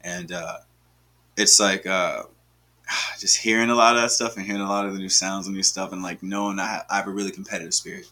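Fast-talking young man, bright and husky. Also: deep voice. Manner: animated, slangy storytelling with frequent laughs. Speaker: guest. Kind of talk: casual chat.

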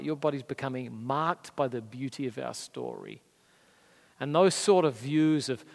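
Australian man preaching in a reverberant hall. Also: fairly high pitch. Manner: earnest, conversational preaching with emphatic rises. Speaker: pastor. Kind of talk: sermon. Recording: long reverb of a large hall.

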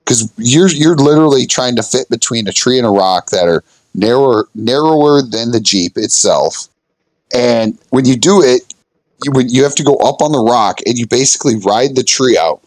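A man's voice: mid-range voice, normal speed, no echo, low-quality recording. A man on a podcast telling an off-road trip story in casual, profane chat, acting out what he said back then. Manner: animated, swearing, acts out his own past lines.

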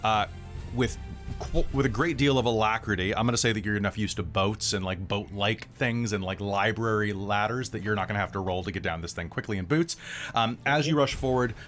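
Man running a tabletop game. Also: lowish voice. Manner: relaxed, rambling narration with many fillers. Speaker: game master.

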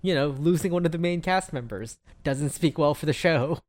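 A man's voice: fairly high pitch, moderate pace. A man co-hosting a TV recap podcast, chatting casually and joking. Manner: animated, joking. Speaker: podcast co-host and editor. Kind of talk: casual chat.

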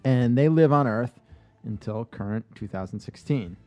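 A man on a podcast casually pitching a movie idea, rambling with lots of fillers and restarts. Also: animated, normal speed, warm tone, no room sound, soft background music.

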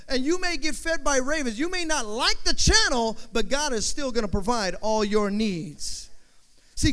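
A man's voice: very high-pitched, fairly bright tone, clear, resonant tone. A male pastor preaching a sermon, with call-and-response and emphatic repetition. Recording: long hall reverb.

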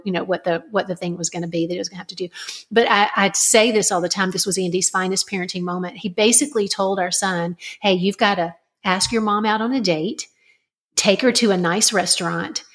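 A woman's voice: medium pitch, a bit bright. Middle-aged woman telling a family story. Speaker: guest, parenting author. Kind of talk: conversational storytelling.

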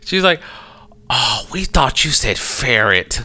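Animated, foul-mouthed man telling stories. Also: takes it slowly. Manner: animated storyteller, swears a lot, acts out quoted people in a high voice. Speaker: podcast co-host. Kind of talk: casual chat.

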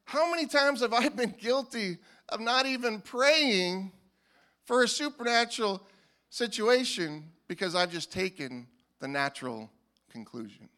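A male pastor preaching a sermon in a casual, animated way, often restarting his sentences. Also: sits high, unhurried. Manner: animated and informal, with frequent restarts. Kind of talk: conversational sermon.

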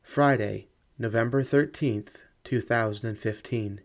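Male audiobook narrator, mid-pitched, measured dramatic storytelling. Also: steady tone.

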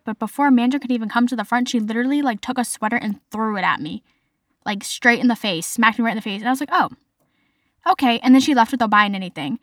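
A young woman podcast host, her voice a little high, delivers a casual storytelling monologue in a space with no room sound. She chats animatedly and fills her speech with "like."

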